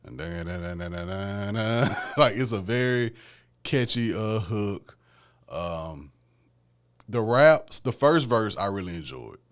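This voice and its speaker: A man's voice: fairly low pitch, big pitch swings, slow pace. A man hosting a podcast alone, talking about music in a laid-back, conversational way and often adding "man" and "you know what I'm saying". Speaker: podcast host. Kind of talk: casual solo music commentary.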